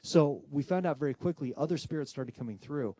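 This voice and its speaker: A man who works as a paranormal investigator, telling a personal ghost story with animated, dramatic delivery and acting out the voices of people in the story. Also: on the high side, no echo. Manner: dramatic pauses and tension building.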